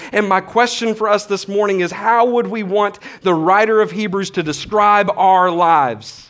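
Pastor, male, 30s, slightly high voice; casual, energetic sermon delivery. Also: normal speed, hardly any pauses. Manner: casual, animated preaching with slang and swings from soft to loud.

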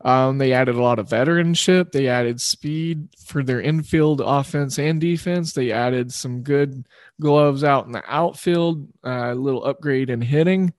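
Sports betting picks get a loose, rambling treatment from this male host, who corrects himself as he talks. His mid-range voice moves at a measured pace in a dry, studio-quality recording.

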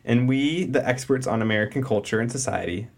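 A young man co-hosting a relaxed chat, playful in tone. He sets up riddles and reads out items for discussion. His voice has an ordinary middle pitch. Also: a little fast, creaky. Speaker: co-host. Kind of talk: casual chat.

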